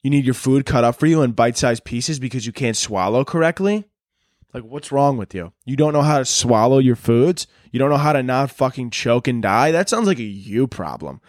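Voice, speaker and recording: A young man hosts a solo podcast, his medium-pitched voice lively in intonation and at normal speed, captured in clean studio sound without room noise. He goes on a profane, rambling comedic rant, slipping into silly voices.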